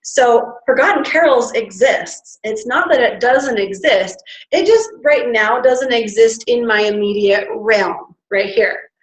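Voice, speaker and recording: Woman, motivational presenter, chatty, demonstrative sighs, higher-pitched voice, echoey hall-like room. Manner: chatty, demonstrative, breathy sighs to show breathing. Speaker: wellness workshop presenter. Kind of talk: motivational talk to a live audience. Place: standing before an audience in a room.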